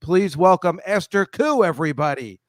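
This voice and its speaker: A man's voice: medium pitch, normal speed, no echo, clean studio sound. A man hosting a casual comedy show, chatting with a guest in a rambling, self-correcting way. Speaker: host. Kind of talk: casual video-call chat.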